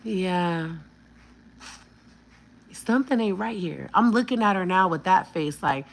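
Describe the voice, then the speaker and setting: A woman's voice: fairly low pitch, expressive, unhurried, gravelly, pauses often, poor audio. A woman in her thirties telling a personal story on a vlog, blunt and emphatic with plenty of cursing.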